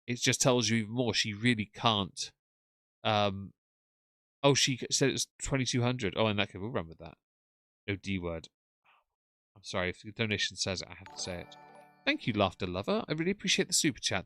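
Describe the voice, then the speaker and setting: A man's voice: fairly low pitch, expressive, fairly quick, a bit bright, no echo, studio quality. A man hosting a casual live stream, chatting and thanking viewers for their messages. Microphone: desk mic with headphones.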